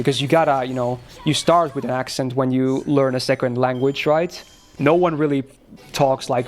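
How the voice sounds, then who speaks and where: A man's voice: mid-range voice, a little mellow, a little hiss or hum. A young man from Finland, a native Finnish speaker with a mostly American-sounding English accent, chatting casually on a livestream, laid-back, swearing freely and laughing often. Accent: near-American English, slight Finnish trace. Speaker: streamer. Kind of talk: casual livestream chat with chat readers.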